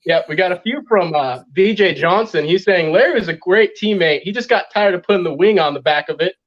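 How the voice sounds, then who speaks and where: A man's voice: high voice, fairly quick. A man co-hosting a podcast, reading out viewer questions in a dry way. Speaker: co-host reading viewer comments. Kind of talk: casual podcast chat. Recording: dull lo-fi sound.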